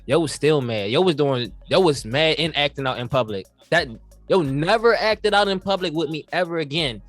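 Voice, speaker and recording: A man's voice: on the high side, moderate pace, fairly bright tone, dry recording, soft background music. A young man on a podcast, telling a story in casual slang and acting out the quoted lines as he goes. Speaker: podcast co-host.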